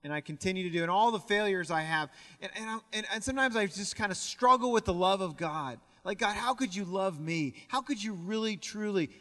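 Young male pastor, high bright voice, earnest sermon delivery, long church reverb. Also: animated, brisk, hardly any pauses. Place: church sanctuary.

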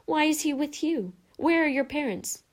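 A woman's voice: high voice, expressive, normal speed, voice pushed up. A woman reader voicing a snobbish pale boy who drawls and sneers. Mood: sneering.

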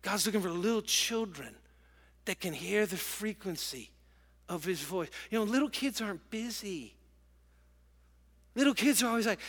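A middle-aged man preaching a sermon to a congregation, telling stories in an animated, emotional way. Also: high-pitched, normal speed. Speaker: pastor. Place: large church auditorium with congregation. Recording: long church hall reverb.

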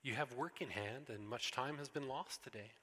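A preacher voicing a wise male lion who speaks in a calm, grave, measured way. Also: medium pitch, husky. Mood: solemn. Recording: echoey hall.

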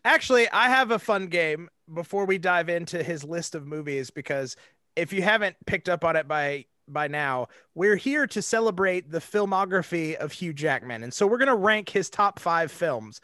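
A man's voice: a little high, lively intonation, normal speed, bright, forceful tone, no room sound. A man hosting a podcast in casual chat, rambling with lots of fillers and frequent laughter. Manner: giggly, rambling with many fillers. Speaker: podcast host.

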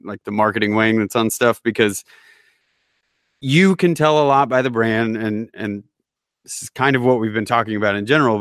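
A man in casual podcast conversation, rambling and animated, laughing at himself. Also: mid-range voice, no room sound, clean studio sound.

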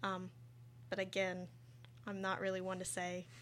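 A woman's voice: medium pitch, completely flat delivery, a little slow, fairly bright tone, a little hiss or hum. A young American woman co-hosting a casual radio discussion, talking hesitantly with many fillers. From United States. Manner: hesitant, many ums and uhs. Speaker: radio show co-host.

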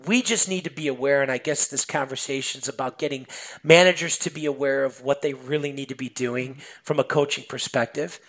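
Gravelly guy chatting on a podcast, kinda high voice, lots of ums and you knows. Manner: animated storytelling, many fillers. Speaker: guest, sales manager. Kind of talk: casual podcast chat.

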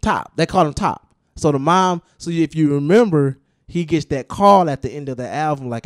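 A man's voice: fairly high pitch, moderate pace, no room sound, clean studio sound. A man hosting a casual podcast and explaining at length, with restarts and emphatic repetition. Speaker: podcast host discussing music.

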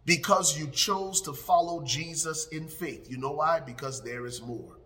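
A man preaching in a high, ringing voice that sits well above most men. His delivery is emphatic and repetitive, building phrases up before sinking into hushed prayer. The tone is bright and forceful throughout. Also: normal speed, few pauses. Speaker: pastor. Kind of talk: sermon.

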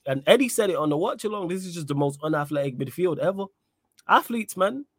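A man's voice: a little high, expressive, a little fast, slightly rough, dry recording, studio quality. A man hosting a casual football podcast, talking in an emphatic, opinionated way and repeating his points. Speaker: podcast host. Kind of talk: casual football chat with live chat readout.

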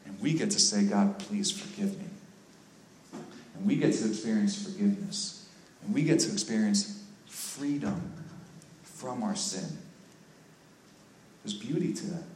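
A man's voice: fairly low pitch, lively intonation, moderate pace, long pauses. Man preaching in an echoey hall. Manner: storytelling, rising to fervent emphasis. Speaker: youth pastor. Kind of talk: sermon. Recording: echoey room with faint ambient noise.

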